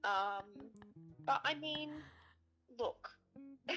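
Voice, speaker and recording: A middle-aged mum with a bright, forward voice, trading dry sarcastic jabs with her sister in casual chat. Faint music plays underneath. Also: medium pitch, moderate pace, low-quality recording. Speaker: guest sister.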